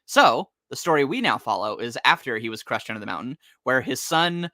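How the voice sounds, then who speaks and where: A young man recaps a comic in a rambling, sarcastic flow, dropping into quick acted asides along the way. His voice sits at an ordinary male pitch but has a bright, forward edge. It is recorded close and dry. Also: animated, dry recording. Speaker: podcast co-host. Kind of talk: casual comic recap chat.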